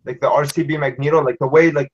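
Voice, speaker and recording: A man's voice: fairly high pitch, fairly even intonation, fast, a little hiss or hum. A man on a collectors' panel, talking in a rambling way and often asking "you know what I mean". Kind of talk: casual panel chat. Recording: dull lo-fi sound.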